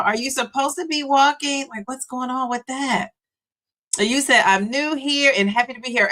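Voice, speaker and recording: Live-stream host, woman in her fifties, chatty and bubbly, bright tone. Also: high voice. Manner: bubbly, chatty, gives shout-outs. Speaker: livestream host and weight-loss coach. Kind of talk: casual live-stream chat reading comments.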